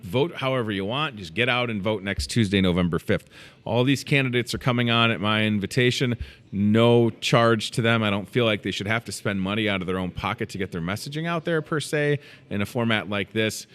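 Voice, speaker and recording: A man in his thirties hosting a live morning show from inside a grocery store, chatty and excitable with joking asides. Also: fairly low pitch, a little fast. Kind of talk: casual live show chat.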